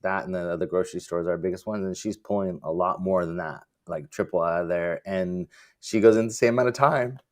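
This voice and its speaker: A man hosting a casual livestream chat about his vending business, telling rambling stories. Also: low-pitched. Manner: relaxed, rambling storytelling.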